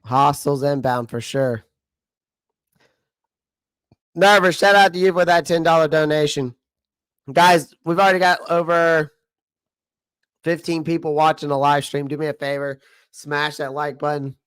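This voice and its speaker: A man's voice: fairly high pitch, fairly even intonation, moderate pace, fairly bright tone, clear, resonant tone, dry recording, clean studio sound. A young man hosting a casual livestream, blunt and frustrated, laughing often, and losing his voice. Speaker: livestream host.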